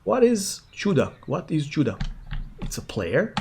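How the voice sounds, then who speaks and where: A man's voice: a little high, huge pitch swings, measured pace, gravelly, a little mellow, a little hiss or hum. A man streaming a game, talking casually and playfully as he reacts to what happens. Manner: chatty and playful, reacting aloud as he plays. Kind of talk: casual gameplay commentary.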